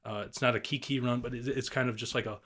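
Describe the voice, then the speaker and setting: A man's voice: mid-range voice, fairly even intonation, fast, a bit bright. A young man on a podcast, casually telling turkey hunting stories in a rambling, laid-back way, swearing and mimicking the calls. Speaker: guest turkey hunter.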